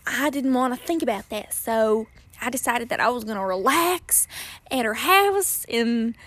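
Woman storyteller, animated and dramatic, high voice, dry close recording. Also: no echo. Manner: animated, dramatic, laughing asides. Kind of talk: personal story told casually.

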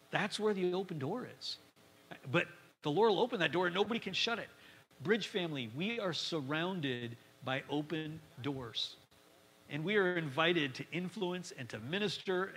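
A man with a high, bright voice preaches a sermon in an animated, conversational manner, slipping into quoted voices as he goes. His voice carries through a church hall with a long reverb tail. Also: husky. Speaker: pastor.

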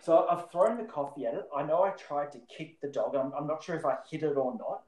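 A man's voice: a little high, a little fast, darkish tone. A man telling a story as a podcast guest, rambling with many fillers and frequent laughter. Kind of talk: casual storytelling. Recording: roomy echo.

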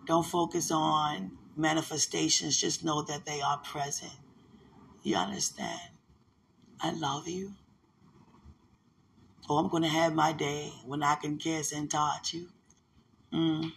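A young woman, talking affectionately and religiously to her partner and breaking into lively, laughing storytelling. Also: deep voice, slow, creaky, long pauses, slight background noise. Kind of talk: casual emotional chat.

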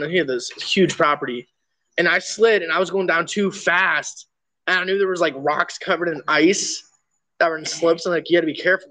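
A young man hosting a podcast, telling crude stories in an animated way and swearing freely. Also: a little high. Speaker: podcast host. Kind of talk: casual storytelling chat.

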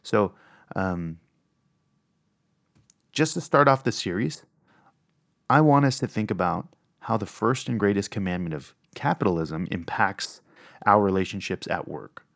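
A man's voice: fairly low pitch, animated, measured pace, gravelly, long pauses, fairly bright tone, no echo, clean studio sound. A man hosting a casual monologue podcast, rambling and swearing with lots of ums and uhs. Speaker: podcast host.

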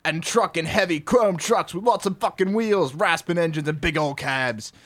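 A man voicing a gruff, swearing narrator in a put-on Australian accent, reading game rules with a loud, strained swagger. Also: a little high, normal speed, lightly acted.

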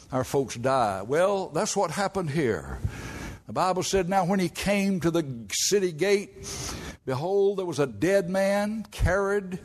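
An older man, a pastor, preaching a sermon with folksy storytelling and sudden high emphatic peaks.

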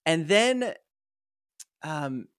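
A man's voice: a little high, very animated, very slow, fairly bright tone, dry recording, studio quality. A man retelling a story on a podcast, acting out the quoted lines, with lots of fillers. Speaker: podcast co-host telling a story. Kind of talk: casual storytelling chat.

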